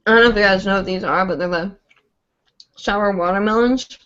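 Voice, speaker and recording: A woman's voice: medium pitch, a little fast, fairly bright tone. Chatty woman hosting a lo-fi livestream. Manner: chatty, rambling, full of "like" and "um". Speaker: host of a live hooping show. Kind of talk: casual livestream chat. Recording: dull lo-fi livestream audio.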